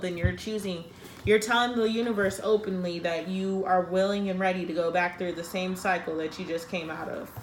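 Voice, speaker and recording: Woman, tarot reader, casual, blunt, frank, swears, roomy echo, faint background noise. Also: medium pitch.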